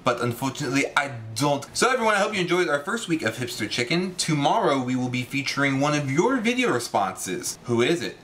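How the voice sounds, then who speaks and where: A young man, a comedy vlogger, wrapping up his video with a quick, upbeat sign-off. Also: a little high, big pitch swings, a bit bright, a little hiss or hum.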